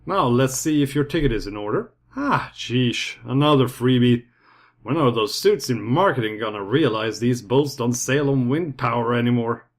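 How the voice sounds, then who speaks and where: Guy playing a grumbly sarcastic purser, lively delivery. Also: medium pitch, normal speed, lightly acted. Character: sarcastic male cruise ship purser.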